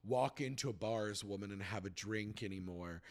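A man's voice: fairly low pitch, a little fast, lightly acted. A man voicing a vain, flirtatious middle-aged saleswoman in a theatrical, affected way.

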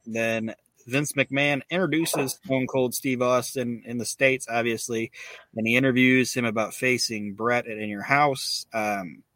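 A man's voice: medium pitch, fairly bright tone, no room sound. A man hosting a podcast, recapping in casual, profane talk with many fillers. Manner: profane, filler-heavy retelling. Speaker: podcast host.

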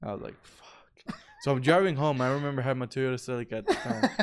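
A man's voice: medium pitch, animated, quick pace, slight background noise. A young man hosting a podcast, telling stories in a laid-back, profane way and calling people bro. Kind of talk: casual storytelling chat.

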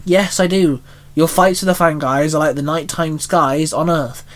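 Guy reading a blunt princess girl, calm and curt, matter of fact. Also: on the high side, moderate pace, close to an everyday voice. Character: blunt young princess from another realm. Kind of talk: reading a fan story aloud.

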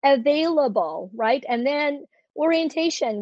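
A woman's voice: high voice, a little slow, few pauses, darkish tone, dry recording, muffled recording. A woman in her forties, a guest coach on a podcast, teaching a process step by step with eager emphasis. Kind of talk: podcast conversation.

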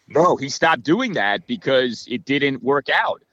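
A man on a podcast analyzes football strategy in a casual, animated way, using lots of "you know" and "like." He speaks slowly at medium pitch, and the recording is dry and dull.

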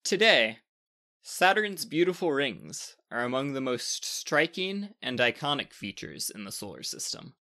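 A man narrating a storybook tale in a lively, expressive reading. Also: medium pitch, unhurried.

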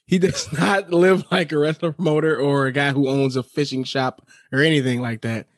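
A man's voice: fairly high pitch, steady tone, moderate pace, no echo. Brief: male podcast co-host, dry close sound, wry jokey remarks. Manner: wry, joking reactions. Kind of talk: casual chat.

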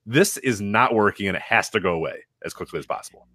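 A man co-hosting a casual wrestling podcast, animated, laughing often and swearing freely as he acts out quoted people. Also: lowish voice, fast talker, no echo. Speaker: podcast co-host.

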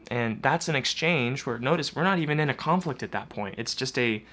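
A man's voice: medium pitch, animated, a little fast, pushed and bright. A man giving casual relationship advice, acting out both partners in imagined arguments, with earnest fillers and restarts. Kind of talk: casual advice monologue with acted examples.

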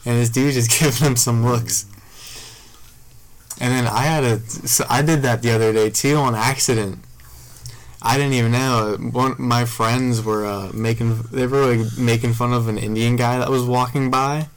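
A man's voice: medium pitch, steady tone, moderate pace. A man co-hosting a podcast, telling crude stories in a rambling way with lots of fillers. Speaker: podcast co-host. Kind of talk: casual chat.

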